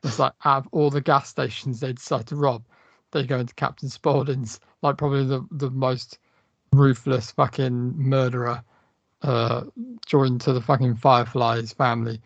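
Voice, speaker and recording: A gravelly man in casual podcast chat, loose and profane as he walks through a movie scene. The sound is dry and close, a little dull in the top end. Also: mid-range voice, moderate pace, no echo. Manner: animated, swearing, retelling film scenes with quoted lines. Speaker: podcast co-host.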